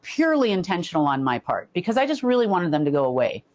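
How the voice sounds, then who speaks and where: A woman telling a long, rambling story casually, full of fillers and lively put-on voices. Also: fairly low pitch, quick pace. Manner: rambling, filler-heavy, slips into animated impressions. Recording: dull lo-fi recording.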